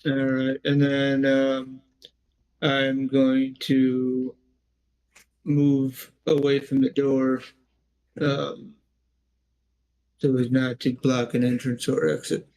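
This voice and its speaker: A young woman playing a tabletop game online, hesitant and pausing often. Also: very deep voice, flat delivery, dark tone, low-quality recording. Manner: hesitant, with many pauses and "um"s. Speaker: player. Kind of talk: casual chat at a game table.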